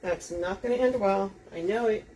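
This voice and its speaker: A woman's voice: medium pitch, normal speed, warm tone. Chatty woman showing a craft live. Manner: chatty, talks viewers through each step. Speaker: wreath-making host. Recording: distant mic, faint room noise.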